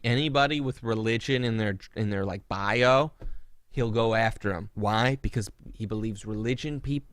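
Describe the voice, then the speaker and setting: A man's voice: mid-range voice, no echo. A young man co-hosting a podcast, ranting in a casual comedic way with mocking, sarcastic outbursts. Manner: animated, mocking, swings into loud sarcastic outbursts. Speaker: podcast co-host.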